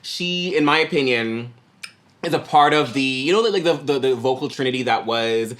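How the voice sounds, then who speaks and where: A man in a pop group hosting a reaction video, chatting casually in a slangy, animated way. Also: medium pitch, moderate pace. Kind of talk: casual chat.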